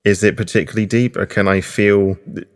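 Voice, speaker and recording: A man playing a tabletop game, measured, narrating his character's actions. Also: on the low side, fairly even intonation. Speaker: player.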